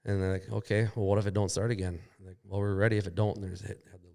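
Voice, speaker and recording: A man's voice: deep voice, little pitch movement, fast, creaky, a little mellow. A man telling a long crash story on a podcast, rambling and profane, acting out what people said. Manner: rambling, profane, acts out quoted dialogue. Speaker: podcast guest. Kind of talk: casual storytelling. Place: shop.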